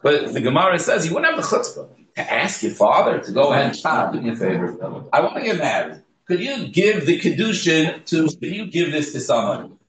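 Male teacher leading a Talmud class, animated delivery, recorded in a roomy space. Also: a little high, a little fast. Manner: lively, explains and acts out examples. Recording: echoey room.

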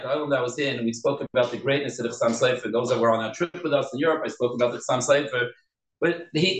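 Rabbi type, man, lively Torah class lecture, slightly high voice, roomy echo. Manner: animated, switches between Hebrew terms and English, acts out quoted speech.

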